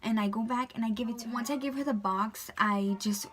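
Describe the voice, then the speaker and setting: A woman's voice: fairly high pitch, a little fast, fairly bright tone. A young woman vlogger telling a storytime in a chatty way, full of "like" and "um". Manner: chatty, filler-heavy, lots of "like" and "um". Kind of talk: storytime vlog.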